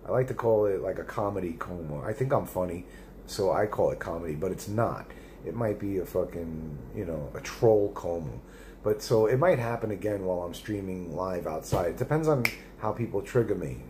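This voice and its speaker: Middle-aged guy streaming, low mellow voice, rambly and cussing, reading chat out loud. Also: lively intonation, moderate pace, a little hiss or hum. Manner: rambling and profane, with many restarts. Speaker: live streamer. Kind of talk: casual live-stream chat, reading viewer comments aloud.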